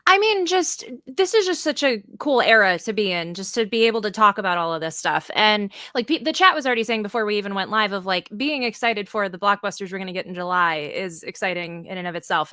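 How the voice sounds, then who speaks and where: A woman's voice: medium pitch, animated, fast talker, hardly any pauses, bright, forceful tone, no echo, studio quality. A woman co-hosting a live show, talking with upbeat enthusiasm. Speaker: co-host. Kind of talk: casual live-show chat.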